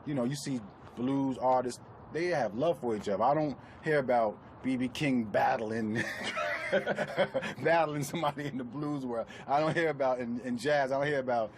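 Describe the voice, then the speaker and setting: A man's voice: medium pitch, moderate pace, slight background noise. A man answering interview questions in a loose, casual way, laughing as he acts out quotes.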